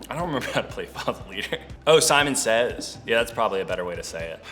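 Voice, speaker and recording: Bright-sounding young guy, playful rambly youth talk, faint music behind. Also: on the low side, big pitch swings, fast talker. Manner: playful, chatty, full of "like" fillers. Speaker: church youth speaker. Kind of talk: casual video talk to youth.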